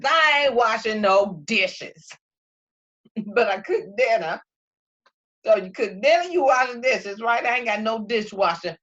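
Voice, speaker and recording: A woman talking casually to viewers about faith and feelings, acting out her own quotes in an animated way. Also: mid-range voice, lo-fi sound.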